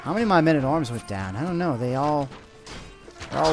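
Guy doing let's play commentary, lively up and down voice, bit of roleplay, faint music behind. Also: on the high side, a little fast. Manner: animated, excitable, gives orders to troops. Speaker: gaming channel host.

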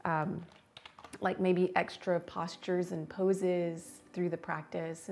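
A woman teaching a live-streamed beginner yoga class, giving gentle cues and chatting with viewers. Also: on the low side.

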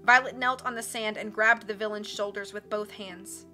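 Bright-voiced woman reading a storybook aloud. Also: medium pitch, moderate pace. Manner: expressive, voices each character. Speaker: audiobook reader. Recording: faint background music. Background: soft instrumental music.

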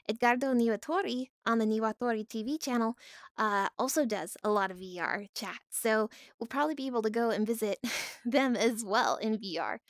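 Giggly high-voiced woman streamer. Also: no echo, clean studio sound. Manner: bubbly, giggly, reads and answers chat. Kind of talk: casual live stream chat. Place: home office with cats.

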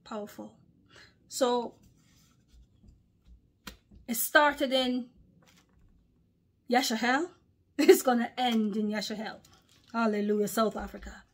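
A woman preaching a sermon to her video audience. She talks emphatically, repeats herself, and pauses to recollect. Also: a little high, fairly even intonation.

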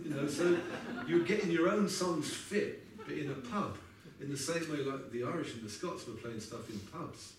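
Speaking at normal speed with hardly any pauses, a man in his sixties with a fairly high voice tells wry stories on stage between songs, laughing at his own tales. He's recorded from afar in an echoey live music venue, with a crowd in the background and guitar in the mix.

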